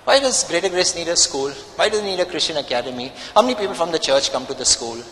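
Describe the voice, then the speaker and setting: High-voiced emphatic preaching pastor. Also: male voice, expressive, fast talker, fairly bright tone, long reverb tail, a little hiss or hum, rough recording. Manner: emphatic, preaching with rhetorical questions. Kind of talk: sermon.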